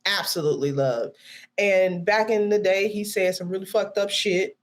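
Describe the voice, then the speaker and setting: A woman's voice: mid-range voice, moderate pace. A woman guest on a podcast, speaking in an outspoken, emphatic way and swearing freely. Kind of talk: casual chat.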